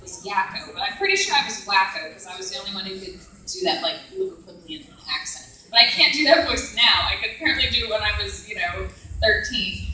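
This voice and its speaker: A chatty woman in her thirties answers fan questions at a convention panel, her pitch lively and bouncing all over the place. Her tone is bright and sharp, and it rings through a big echoey hall. She sits some distance from the mic. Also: fairly quick. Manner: chatty and bubbly, laughs often. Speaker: voice actress and director on a convention panel.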